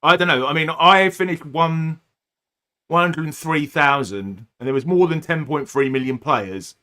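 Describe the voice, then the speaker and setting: A man's voice: fairly high pitch, moderate pace, sharp tone. A man hosting a casual podcast chat, teasing his co-host and laughing easily.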